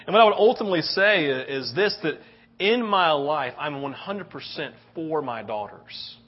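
A man's voice: on the high side, moderate pace, breathy edge, dull audio. A man in his thirties preaching a sermon, telling a story animatedly and often asking "right?". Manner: animated storytelling, tag questions. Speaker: pastor.

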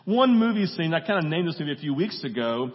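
This sermon comes from a pastor whose high voice rings through a big hall with a long echo, though the audio sounds muffled and dull. Easygoing and conversational, he keeps engaging the congregation and briefly plays out scenes he recounts, doing movie dialogue in rapid voices.

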